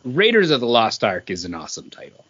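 A man's voice: medium pitch, huge pitch swings, fast, a bit bright, breathy edge, dull audio. A man co-hosting a podcast, talking casually and animatedly, with a lot of fillers. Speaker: podcast co-host. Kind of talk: casual chat.

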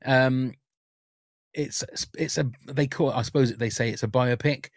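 A man chatting on a podcast, voice at an ordinary middle pitch and recorded close and dry with no room sound. He tells candid stories and often restarts his sentences as he goes. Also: steady tone, normal speed, dry recording. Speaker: podcast guest. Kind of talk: casual podcast chat.

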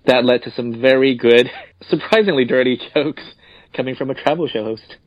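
A man's voice: mid-range voice, normal speed, no room sound, lo-fi sound. A man co-hosting a casual podcast, joking and laughing often. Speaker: podcast co-host.

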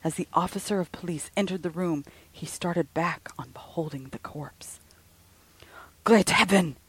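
A woman hosting a podcast, reading a ghost story aloud in a slow, hushed way. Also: fairly low pitch, low-quality recording. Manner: slow, breathy, with soft hushed passages.

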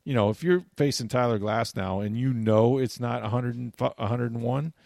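A man co-hosting a casual sports talk show, telling animated stories about his playing days. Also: medium pitch, normal speed, vocal fry, no echo, studio quality. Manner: storytelling, animated anecdotes. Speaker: co-host, former player turned broadcaster.

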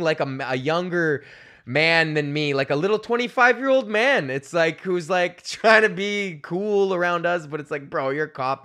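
A young man, hosting a podcast and telling a ranting, profane comedy story, often slipping into voices of the people in it. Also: a little high. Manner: profane, animated, acts out voices of others. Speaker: podcast host.

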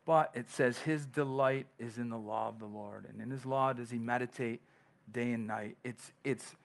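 A man's voice: mid-range voice, steady tone, moderate pace, gravelly. Man preaching in a conversational way. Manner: conversational preaching with repeated restarts; reads scripture aloud. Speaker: pastor. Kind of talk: sermon.

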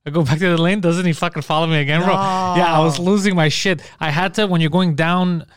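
A man co-hosting a casual comedy podcast rattles off stories at a rapid clip, full of swearing and laughter. His voice is smooth and crisp, a little above average in pitch, and recorded dry and close on a studio mic. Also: steady tone, no room sound. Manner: fast, profane storytelling with laughs. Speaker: podcast co-host.

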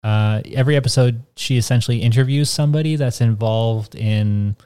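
A man's voice: medium pitch, fairly quick, mellow, clear, resonant tone. A man from North America co-hosting a casual podcast chat, telling stories in a rambling way with lots of fillers. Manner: rambling, filler-heavy storytelling. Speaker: podcast co-host.

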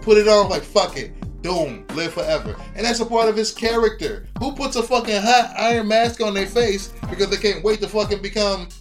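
A man in casual, profane chat who gets animated and acts out scenes as he talks. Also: high-pitched, a little fast, hardly any pauses. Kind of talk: casual chat about comic book movies. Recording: music playing underneath.

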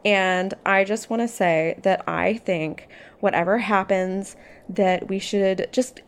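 A woman's voice: medium pitch, steady tone, takes it slowly, clear, resonant tone. Woman chatting through her turn at a tabletop game, cheerful and rambly. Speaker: player. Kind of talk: casual tabletop play.

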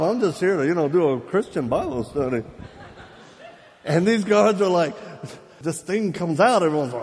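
A man's voice: on the high side, fairly quick, long pauses. Man preaching in a reverberant hall. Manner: lively, joking, acts out quoted voices; laughs at his own jokes. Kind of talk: live sermon storytelling.

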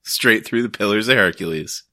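A man with a low yet bright, forward voice co-hosts a comedy podcast. He drops crude jokes deadpan, recorded close and dry with no room sound. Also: moderate pace, no room sound. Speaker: podcast co-host. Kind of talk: casual comedic banter.

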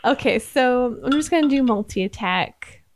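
A woman's voice: fairly high pitch, animated, unhurried, a little hiss or hum. A woman playing a tabletop game in casual chat, giggling and stumbling while she reads rules aloud.

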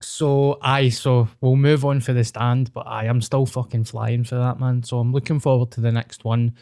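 A man's voice: medium pitch, level tone, moderate pace, mellow, clean tone, no echo, clean studio sound. A Scottish man hosting a podcast, chatting in a laid-back, sweary way. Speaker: podcast host and comedian. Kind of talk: casual chat.

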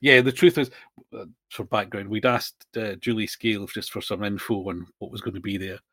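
A man's voice: fairly low pitch, fairly even intonation, a little fast, a bit bright, no echo. A man co-hosting a podcast, chatting in a rambling way and searching for words. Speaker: podcast co-host. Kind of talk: casual chat.

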